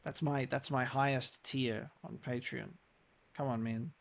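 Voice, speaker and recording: A man's voice: mid-range voice, steady tone, unhurried, gravelly, slight background noise. A young man chatting casually while live-streaming a game, rambling with many restarts.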